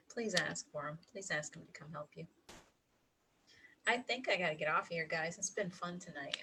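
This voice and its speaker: Middle-aged woman, low-ish voice, chatty spiritual livestream host, laughs a lot, faint room hum. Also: low-quality recording. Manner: laughs often, warm encouraging tone. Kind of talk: casual livestream talk to viewers.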